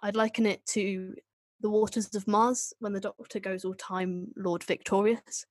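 A woman's voice: medium pitch, flat delivery, measured pace, no echo. A woman co-hosting a podcast, chatting casually and enthusiastically, with a self-deprecating manner. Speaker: podcast co-host. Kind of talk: casual chat about a TV show.

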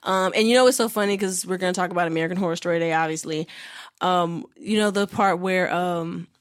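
A young woman co-hosting a casual podcast, chatting in an animated, slangy way with quick asides. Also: on the low side, clean tone. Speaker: podcast co-host.

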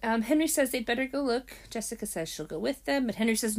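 A woman's voice: fairly high pitch, fast talker, few pauses. Chatty woman with fillers. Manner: chatty, hesitant with frequent ums, animated retelling. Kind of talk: casual chat recapping a TV mystery episode.

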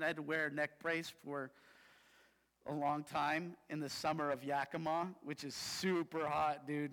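A male pastor with a high, bright, forward voice, preaching in a casual, chatty way. He keeps tagging lines with "right?" as he tells his stories. His voice carries with a long echo through a large hall. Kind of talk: sermon with personal stories. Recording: reverberant hall.

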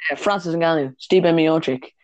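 A man's voice: a little high, moderate pace, dry recording, dull audio. Guy cohosting a chatty podcast, swears a ton, laughs loads, dry close mic. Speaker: podcast co-host. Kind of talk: casual chat.

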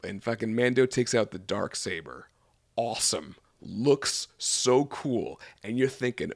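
A man's voice: mid-range voice, unhurried, gravelly, no room sound. Profane ranting man, dry sound. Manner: profane, animated storytelling with sound effects. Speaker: podcast co-host. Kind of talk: casual episode review rant.

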